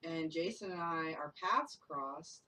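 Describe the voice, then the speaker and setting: Lively storytelling woman, distant mic. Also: sits low, unhurried. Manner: lively storyteller, laughs often, acts out quotes. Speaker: paranormal investigator. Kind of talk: casual group chat, telling a ghost story. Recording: distant mic with faint noise.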